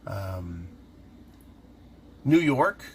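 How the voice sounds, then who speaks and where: A man's voice: fairly low pitch, very animated, extremely slow, slight background noise. Man musing aloud, asking and answering himself. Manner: conversational, asks and answers his own questions. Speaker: host. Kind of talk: casual commentary.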